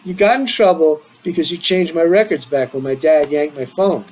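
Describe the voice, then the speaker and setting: A man voicing a boastful, defensive teenage boy, in a low, muttered manner. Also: moderate pace, darkish tone, slight background noise, close to an everyday voice, poor audio.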